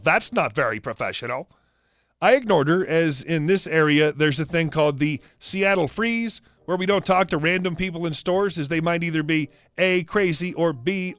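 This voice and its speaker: A man narrates online stories with a bright, high voice that swoops up and down. His reading is lively and dry, close to the mic. Soft music plays beneath him. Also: no room sound. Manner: lively storytelling with acted quotes. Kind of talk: reading reddit stories aloud.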